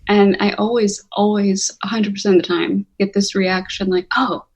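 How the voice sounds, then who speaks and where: A woman's voice: mid-range voice, level tone, moderate pace, a little mellow, husky, highs cut off. Reflective woman on a casual podcast. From United States. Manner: earnest and reflective, light laughs. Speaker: podcast co-host and spiritual reader.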